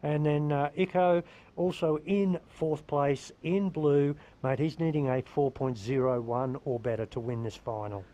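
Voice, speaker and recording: A man's voice: fairly high pitch, unhurried, dark tone, lo-fi sound. A man commentating live surfing from a booth, chatty and enthusiastic. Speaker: surf commentator.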